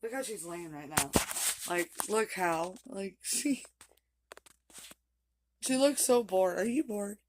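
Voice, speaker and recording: A woman's voice: on the low side, lively intonation, takes it slowly, long pauses, darkish tone, slight background noise. A woman telling a long personal story in a casual vlog, rambling and chatty with frequent laughs. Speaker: vlogger.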